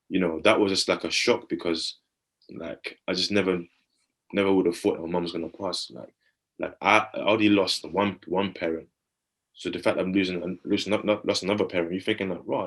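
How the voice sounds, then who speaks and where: A man in his thirties with a deep, low voice tells a personal story on a casual podcast. He talks in an earnest, reflective way. He keeps asking whether the listener follows him. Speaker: podcast co-host.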